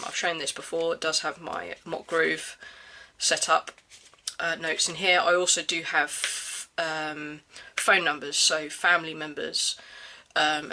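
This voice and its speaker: A vlogger showing off a pouch in a casual show-and-tell, slightly hoarse from hay fever and pausing often with ums and restarts. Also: mid-range voice, pushed and bright, a little hiss or hum. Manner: hesitant, many ums and restarts. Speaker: everyday-carry gear reviewer.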